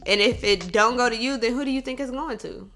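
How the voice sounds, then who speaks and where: A woman who works as a bartender, telling a story in a blunt, profane, animated way, swinging between loud venting and calm reflection. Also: on the high side, brisk, soft background music. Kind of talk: casual storytelling monologue.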